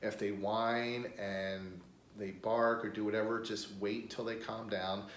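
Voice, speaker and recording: Low-voiced American dog trainer in echoey room. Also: male voice, flat delivery, measured pace. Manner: plain practical explaining, upbeat praise bursts. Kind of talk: instructional demonstration. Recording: echoey room with faint noise.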